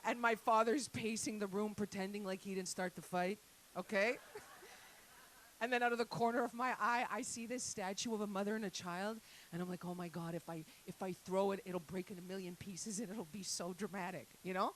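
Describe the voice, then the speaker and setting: A woman's voice: mid-range voice, steady tone, brisk, slight background noise, low-quality recording. A woman doing a crude, rambling stand-up set with lots of asides to the crowd. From Italian-Canadian family. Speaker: stand-up comedian. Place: comedy night venue.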